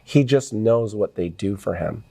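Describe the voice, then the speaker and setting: A middle-aged man speaks as a guest on a podcast in a low, mellow voice. He talks earnestly, with feeling, in a relaxed interview. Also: a little slow, vocal fry. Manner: earnest, emotional when talking about his son. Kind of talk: casual interview conversation.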